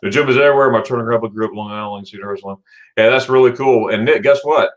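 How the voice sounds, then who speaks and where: A man's voice: fast talker, lo-fi sound. Chatty upbeat man greeting viewers. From Florida, USA. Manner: chatty, upbeat, greets viewers by name with sudden excited jumps in pitch. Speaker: livestream host. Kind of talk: casual livestream chat reading viewer comments.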